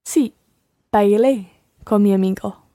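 A woman's voice: mid-range voice, measured pace, dark tone, dry recording, studio quality. A woman learning Spanish, repeating phrases after her teacher. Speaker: language student.

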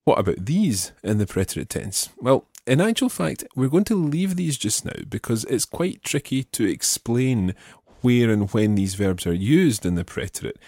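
A man's voice: medium pitch, very animated, normal speed, few pauses, darkish tone, dry recording, clean studio sound. A man teaching a Spanish lesson, patiently explaining step by step and prompting his student. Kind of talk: spoken language lesson.

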